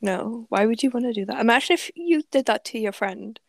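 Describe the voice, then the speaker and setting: A young woman with a slightly gravelly voice, co-hosting an advice chat and chiming in agreeably. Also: a little high, lively intonation, dry recording. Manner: agreeable, quick interjections. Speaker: advice podcast co-host. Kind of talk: casual chat.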